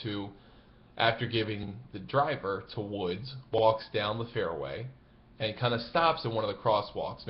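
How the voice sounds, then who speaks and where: A man telling a story in a casual, animated, conversational way, sometimes laughing as he talks. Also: on the low side, muffled recording. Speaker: golf blogger.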